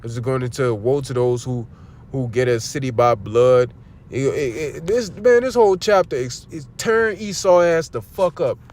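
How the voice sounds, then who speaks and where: A man teaching a religious lesson on a livestream in a loud, angry, profane rant. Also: mid-range voice, animated, normal speed.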